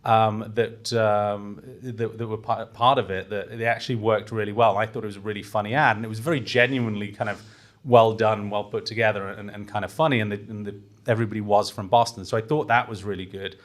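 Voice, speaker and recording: Man, low voice, relaxed chat, halting with ums and restarts. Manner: hesitant, many fillers and restarts. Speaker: podcast panelist. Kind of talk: casual chat.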